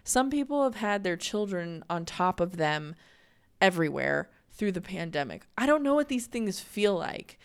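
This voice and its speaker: A woman's voice: fairly low pitch, big pitch swings, moderate pace, clear, resonant tone. A young woman in a casual, candid monologue, chatty and full of "like" fillers. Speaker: podcast host.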